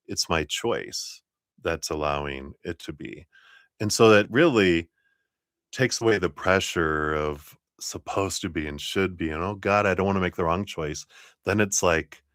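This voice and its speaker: A man's voice: deep voice, unhurried, fairly bright tone, no echo, clean studio sound. A middle-aged man giving a casual livestream tarot reading, rambling with many fillers and frequent laughs. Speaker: tarot reader.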